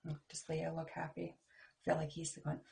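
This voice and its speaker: Reading a picture book to little kids, this woman teaches kindergarten and keeps it lively and playful, turning to address the children herself. Her voice is low and gravelly.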